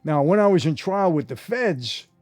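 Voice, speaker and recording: An older man tells stories from his past in a casual, animated monologue, often turning to address his listeners directly. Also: on the high side, normal speed. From New York. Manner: animated, addresses listeners directly, repeats "I gotta tell you". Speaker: former mobster telling stories.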